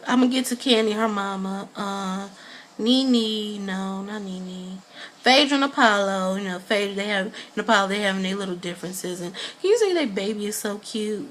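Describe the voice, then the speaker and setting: A woman's voice: medium pitch, fairly bright tone, a little hiss or hum. A woman vlogger in casual chat, reviewing a show in a rambling, gossipy way full of fillers.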